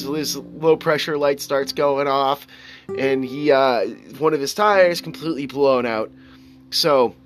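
A young man casually telling an animated, profane anecdote, acting out quoted lines as he goes. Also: on the high side.

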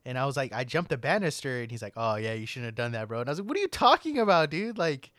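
A man's voice: medium pitch, very animated, quick pace, fairly bright tone, no room sound, studio quality. A young man co-hosting a podcast in a laid-back, casual way, swearing often. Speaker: podcast co-host. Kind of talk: casual chat.

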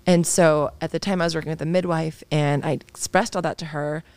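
Gravelly-voiced woman, earnest and reflective. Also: deep voice, steady tone, brisk, no room sound. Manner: earnest, open and reflective, with soft laughs. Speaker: clinical psychologist and author, podcast guest. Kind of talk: candid interview conversation.

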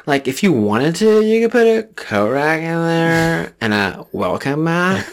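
A man's voice: fairly high pitch, big pitch swings, a little slow. A man from New Jersey co-hosting a podcast in loose, profane banter, often slipping into comic bits. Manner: profane, riffs into bits playing cops. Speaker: podcast co-host. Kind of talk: casual comedic banter.

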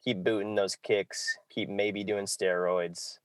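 A man's voice: on the low side, fairly even intonation, slow pace, no echo. A man hosting a casual sports podcast, loose and jokey, often saying "exactly". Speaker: podcast host.

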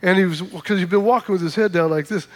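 A man delivers a sermon in a strikingly high voice. He tells a story and plays out both sides of a conversation, then leads the congregation in repeating key words. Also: quick pace. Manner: animated storyteller, acts out dialogue, calls for congregation responses. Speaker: pastor.

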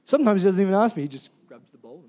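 Man, pastor, high-pitched, preaching, emphatic then hushed. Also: sing-song, racing. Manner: rising to loud emphatic calls, dropping to soft storytelling. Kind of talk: sermon.

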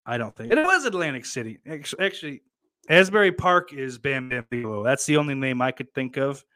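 Brisk and expressive, a young man with a medium-pitched, pushed, bright voice streams live into a desk mic in a dry recording. He reads chat aloud and rambles bluntly and profanely about wrestling, restarting and laughing along the way.

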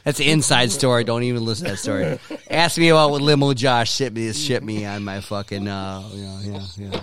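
A man hosting a podcast in a studio, chatting casually, swearing often, laughing and telling animated stories. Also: medium pitch, a little fast, slight background noise. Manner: profane, laughing, animated storytelling. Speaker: podcast host. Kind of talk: casual chat.

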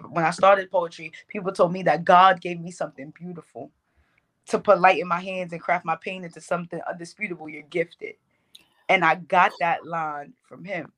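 A woman's voice: lowish voice, fairly bright tone. A woman poet in a casual interview, talking in a heartfelt, rambling way with many fillers. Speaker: poet guest.

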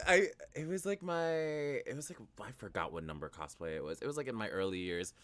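A man's voice: medium pitch, expressive, brisk, fairly bright tone. A man in casual conversation, telling a story with lots of filler words and quoting himself. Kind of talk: casual chat.

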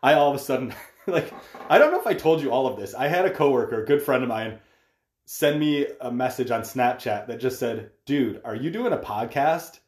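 A man's voice: mid-range voice, expressive, a little fast. A man co-hosting a podcast in casual chat, talking loosely with lots of "like" and frequent laughs. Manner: conversational, laughs often, uses "like" a lot. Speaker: podcast co-host. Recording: roomy echo.

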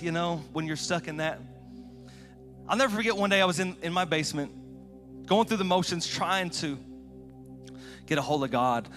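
A middle-aged man preaching a sermon, telling a personal story with emotion, moving from hushed confession to shouting. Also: high-pitched. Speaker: guest preacher.

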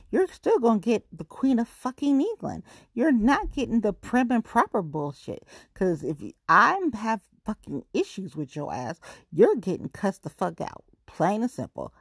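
A woman's voice: slightly rough, no room sound, clean studio sound. A young adult woman, a podcast host, delivering a blunt, profane ranting monologue. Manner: blunt, swearing, big swoops in pitch.

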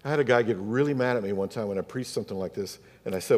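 A man's voice: fairly low pitch, rapid-fire, darkish tone, big-room sound. A male pastor, preaching a sermon in a church in a conversational way, asking his listeners questions as he goes.

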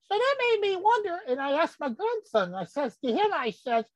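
A woman's voice: very high-pitched, big pitch swings, moderate pace, no echo, rough recording. A woman voicing a cranky, rambling old grandfather who gets sidetracked in a folksy comic monologue. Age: older. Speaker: comedy character host.

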